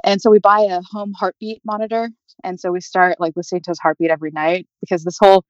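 Fast-talking young woman telling her story. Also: fairly low pitch, flat delivery, dry recording. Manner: chatty, many fillers like "like" and "you know". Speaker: interview guest. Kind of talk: personal storytelling. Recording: dull, dry lo-fi audio.

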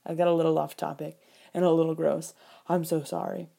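A woman giving casual film commentary, animated and jokey, with mock outrage and quick impressions of characters. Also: sits low, vocal fry. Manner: quoting characters in quick put-on voices. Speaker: film reviewer.

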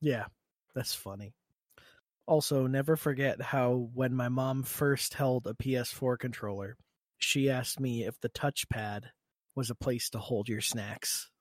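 A man's voice: medium pitch, fairly even intonation, no room sound. Joking man on a dry podcast mic. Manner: joking, quick to laugh. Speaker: podcast co-host. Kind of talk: casual chat.

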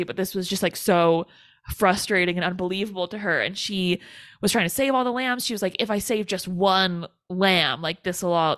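A woman's voice: on the low side, fairly bright tone, dry recording. A woman co-hosting a podcast, chatting casually as she retells a film scene by scene with lots of "like" and quoted lines. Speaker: podcast co-host. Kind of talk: casual movie recap chat.

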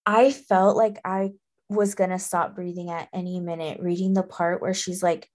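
Animated, indignant woman co-host. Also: medium pitch. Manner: animated and indignant, thinking out loud. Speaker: podcast co-host. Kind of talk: casual book discussion.

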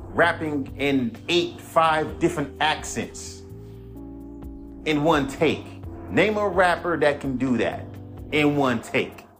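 A man's voice: on the high side, a bit bright. A man hosting his own podcast, a rapper ranting in a laid-back, rambling, profane way. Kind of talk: casual monologue.

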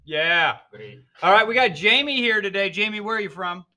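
Upbeat high-voiced male teacher. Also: lively intonation, normal speed, bright, forceful tone. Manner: upbeat, coaxing, laughs often. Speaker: ESL teacher hosting a class show. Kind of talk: casual classroom podcast. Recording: noisy mic with clicks.

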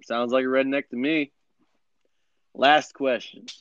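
A man's voice: mid-range voice, fairly even intonation, a little slow, a bit bright, a little hiss or hum. A young man hosting a podcast, reading questions in a playful, amused way and laughing often. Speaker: podcast host, interviewer. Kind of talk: casual podcast interview. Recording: dry dull lo-fi recording.

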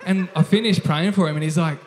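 A man's voice: a little high, fast talker, background noise. A man with an Australian accent, an online pastor, telling a church testimony in a chatty, amused way. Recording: echoey hall.

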